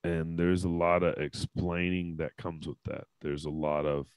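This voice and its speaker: A man's voice: sits low, little pitch movement, unhurried, clean tone, no room sound, poor audio. A man hosting a casual panel podcast, talking candidly and emotionally with frequent swearing. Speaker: podcast host.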